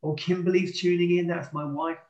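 A man's voice: high voice, level tone, brisk, darkish tone, dull audio. A man in his thirties hosting a casual church live stream, friendly and rambling, often correcting himself. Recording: echoey room.

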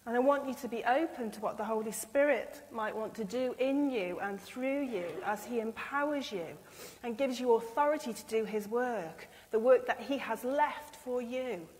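A woman's voice: on the high side, normal speed, darkish tone, slight background noise. A woman preaching an earnest, emotional sermon and acting out the speech she imagines from others. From England. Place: church. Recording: long church reverb.

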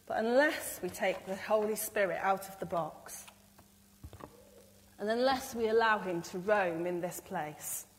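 A woman preaches with earnest feeling, her voice at a middle pitch. She acts out what she imagines people saying as she goes. Her words ring out with the long reverb of a church. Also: unhurried. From England. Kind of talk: sermon.

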